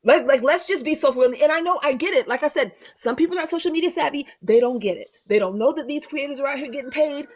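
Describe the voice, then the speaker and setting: Hosting a livestream reaction, a woman rants bluntly and profanely, dropping mocking asides and doing mocking voices of others. Her voice sits high and she talks fast with few pauses.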